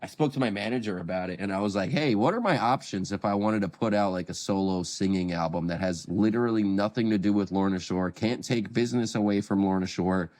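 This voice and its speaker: A man in his late twenties with a raspy voice, chatting casually as a podcast guest and rambling through animated stories. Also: on the low side, brisk, hardly any pauses. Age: late 20s. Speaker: guest vocalist. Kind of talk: casual chat.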